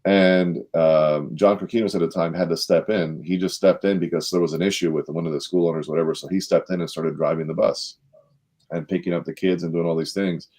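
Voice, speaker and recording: Middle-aged man, low and warm voice, animated storyteller on a panel. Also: brisk. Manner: animated storyteller, acts out quotes with rising pitch. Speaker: panel guest, former sales director. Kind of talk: storytelling in a leadership panel talk.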